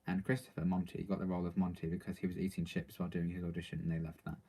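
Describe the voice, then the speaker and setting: A man's voice: deep voice, level tone, very fast, mellow, slightly rough. A man reading out viewer questions and answering them in casual, rambling live-stream chat, full of ums and likes.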